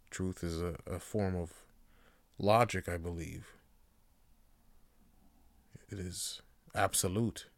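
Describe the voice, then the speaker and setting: Male podcast host, casual sweary monologue, smooth clear voice, dry close sound. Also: low voice, no echo. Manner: profane, swings from rants to quiet musing.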